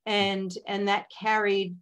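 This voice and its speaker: A woman speaks as a guest in a conversational interview, moving at a measured pace through many fillers and asides. Her pitch sits in an ordinary middle range. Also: flat delivery, a bit bright.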